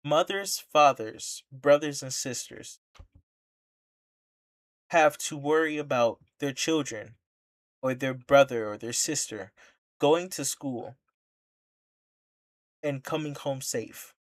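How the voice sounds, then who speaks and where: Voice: medium pitch, takes it slowly, pauses often. A streamer giving an impassioned, indignant commentary rant, full of rhetorical questions and repeated points.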